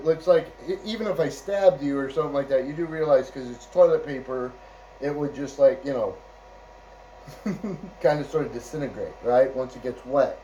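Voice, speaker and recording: A man's voice: on the high side, mellow, far from the mic, lo-fi sound, slight background noise. A man telling a casual, rambling anecdote, chuckling often and checking in with "right?" and "you know". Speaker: storyteller.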